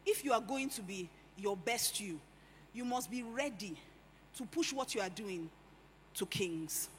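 A woman preaching a sermon, animated, swinging between hushed lines and loud emphatic ones. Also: mid-range voice, a little slow, a little hiss or hum. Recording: echoey hall with faint ambience.

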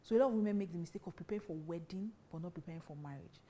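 A woman's voice: fairly low pitch, very fast, dark tone, slightly rough. A woman teaching on marriage in a preaching style, emphatic and full of rhetorical questions. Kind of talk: preaching talk to women.

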